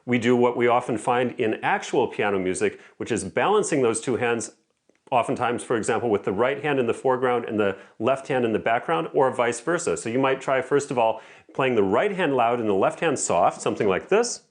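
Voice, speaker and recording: A man teaching piano, explaining practice methods in a clear, methodical way and calling out rhythm examples. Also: mid-range voice, expressive, a little fast. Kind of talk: instructional lesson. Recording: faint piano music in background. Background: piano playing between explanations.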